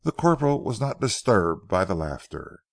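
Gravelly low-voiced male audiobook narrator. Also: sing-song, normal speed, dry recording, clean studio sound. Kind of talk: audiobook reading of a novel.

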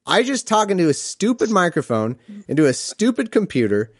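Lively laughing male podcast host. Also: sits high, a little fast, slightly rough, no echo, clean studio sound. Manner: laughing, self-mocking, profane. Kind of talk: casual chat with listeners.

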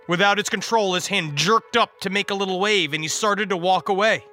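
High-voiced man reading a dark comic tale. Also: a little fast, hardly any pauses. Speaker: guest preacher. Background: music.

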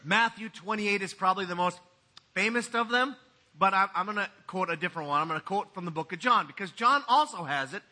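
A man's voice: high voice, fairly quick, pushed and bright. A man pastor giving a sermon in a conversational, joking way.

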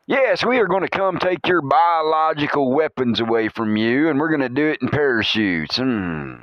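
A man's voice: a little high, a bit bright, no room sound. A man rambles through a comedic monologue, his voice swooping up and down as he laughs and curses his way along. The sound is dry and slightly muffled, like a home podcast recording. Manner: rambling storyteller, laughs often, curses, hums movie music. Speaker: podcast host.

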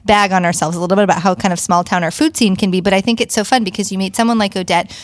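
Fast-talking woman podcast host. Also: medium pitch, steady tone, dry recording. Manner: quick, affirming interjections. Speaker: podcast co-host, magazine editor. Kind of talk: casual chat.

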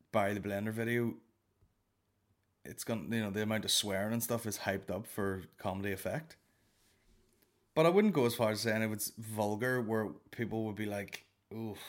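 A man with a Northern Irish accent hosting a comedy podcast alone, answering listener questions in a sweary, rambling, self-mocking way. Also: lowish voice. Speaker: podcast host. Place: alone in a room.

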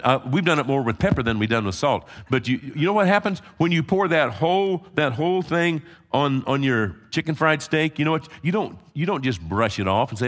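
A pastor with a slightly high voice delivers a conversational sermon to a live congregation in a church sanctuary. He teases the crowd, swings between quiet asides and loud, emphatic peaks, and often uses fillers and restarts his sentences.

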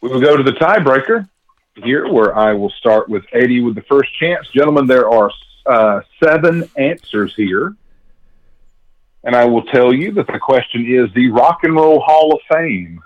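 A man hosting a trivia quiz, reading questions slowly and deliberately. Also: medium pitch, expressive, lo-fi sound. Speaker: quiz host.

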